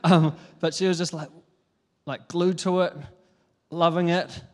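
A young New man preaching a sermon, telling a family story in a lively, chatty way with frequent laughs. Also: on the high side, unhurried. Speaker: pastor.

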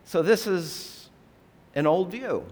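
A man preaching a sermon, explaining scripture in a measured, earnest way and asking rhetorical questions. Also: high voice, expressive, a little mellow.

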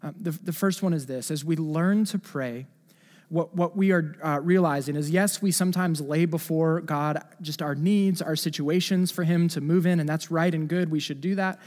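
A man's voice: on the high side, fairly even intonation, moderate pace, darkish tone. A man in his thirties preaching a sermon in an earnest way, often repeating words and rising with emphasis. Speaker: pastor. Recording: long reverb of a hall.

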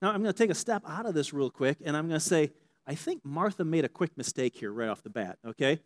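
The pastor talks fast in a fairly high voice, preaching animatedly and conversationally while often checking in with those listening.

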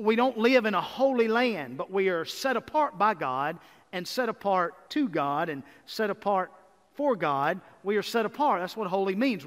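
A man preaching a sermon as pastor, energetic and building to emphatic repeated lists. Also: high voice. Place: church sanctuary. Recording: reverberant hall.

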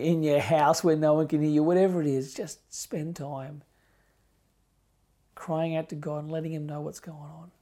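This is a middle-aged man giving a sermon as a pastor, and his pitch is fairly high. The delivery is fervent, dropping from loud emphasis to hushed near-whispers.

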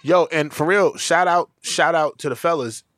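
A young adult man co-hosting a podcast, telling a story in a loud, animated, profane way and acting out the people in it. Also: on the high side, moderate pace, no room sound. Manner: animated, profane, acts out dialogue. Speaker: podcast co-host. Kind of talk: casual storytelling chat.

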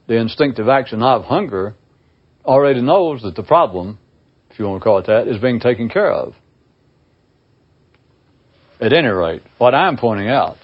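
Wry man musing, lively pitch. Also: breathy edge, highs cut off. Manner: wry, rambling, with dry self-mocking asides. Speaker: spiritual teacher. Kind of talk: informal talk with readings of short parables.

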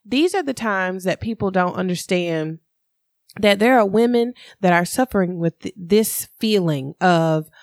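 A woman tells a personal story in a candid, animated way. Her voice sits at an ordinary middle pitch. The sound is dry and close, with no room echo. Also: a little slow. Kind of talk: casual chat.

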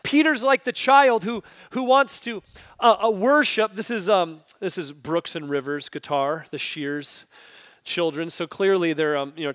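A male pastor preaching with a high voice, animated and expressive. He acts out scripture quotes and moves between loud emphasis and hushed asides. The recording is dry and close. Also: dry recording. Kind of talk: sermon.

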